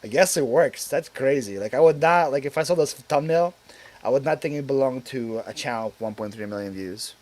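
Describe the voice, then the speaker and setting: A man's voice: mid-range voice, brisk, darkish tone. A man hosting a casual live stream, rambling with lots of filler words and reading viewer comments aloud before answering them.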